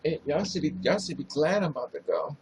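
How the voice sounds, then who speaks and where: A man's voice: on the high side, expressive, fairly quick, darkish tone, breathy edge, poor audio. A man with a New Jersey accent hosting a casual livestream, chatting sassily and greeting viewers by name. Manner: sassy, chatty, reads viewer names aloud. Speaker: livestream host.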